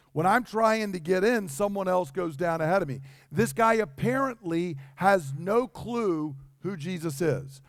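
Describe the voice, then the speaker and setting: Man preaching, fairly high voice, dry close sound, chatty delivery with quoted voices. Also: no room sound. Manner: conversational preaching, acting out quoted dialogue. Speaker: pastor. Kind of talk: sermon.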